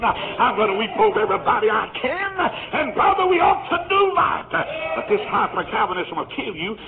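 Preacher guy hollering a revival sermon, high lively voice, thin phone-ish hissy recording. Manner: shouting, laughing, exclaiming praises. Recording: tinny phone-like old tape with hiss.

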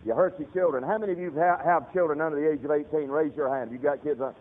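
Heard on a tinny radio broadcast, a male preacher delivers a fiery sermon, telling stories and speaking straight to his congregation. His voice is a little high and he talks fast, with a long reverb tail.

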